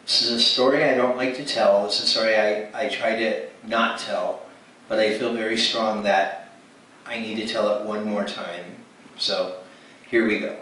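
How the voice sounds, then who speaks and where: A man's voice: lowish voice, steady tone, normal speed, fairly bright tone. Man telling a testimony in an echoey hall. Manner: storytelling, acts out quoted dialogue with frequent restarts. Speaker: speaker at ministry event. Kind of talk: testimony sermon. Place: church hall. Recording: echoey hall from far off, faint noise.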